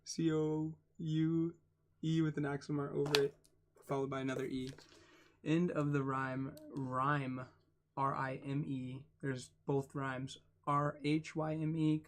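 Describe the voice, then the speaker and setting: A man reading a book aloud for his channel, spelling out words letter by letter and adding quiet asides. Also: medium pitch, creaky. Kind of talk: casual read-aloud.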